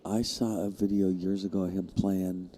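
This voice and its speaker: A man's voice: sits low, little pitch movement, normal speed, mellow, slight background noise. A man giving chatty live commentary on a pool match, rambling and dropping to a near-whisper during shots.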